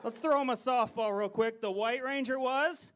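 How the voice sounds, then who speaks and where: A man's voice: extremely high pitch, moderate pace, fairly bright tone. A man from Arkansas performing a stand-up comedy act, delivering punchy setups with his twin brother.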